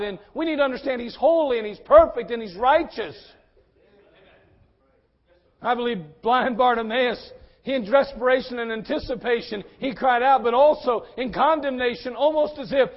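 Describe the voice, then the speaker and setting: Male pastor, high-voiced, impassioned sermon delivery, dull lo-fi church recording. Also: moderate pace. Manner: impassioned preaching with big swings in loudness.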